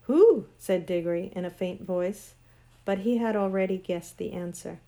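A woman narrating a storybook in a measured, expressive way. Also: fairly low pitch, gravelly. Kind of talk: storybook reading.

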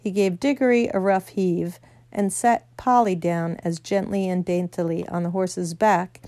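A woman reading a children's novel aloud, gentle storytelling with small slips. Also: lowish voice, fairly even intonation, measured pace, dry recording, clean studio sound. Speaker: narrator.

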